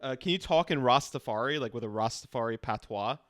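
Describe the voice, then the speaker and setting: A man's voice: medium pitch, lively intonation, fairly bright tone, no room sound, clean studio sound. A man streaming a casual chat with an AI character, teasing and playful. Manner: teasing, playful, quick to laugh.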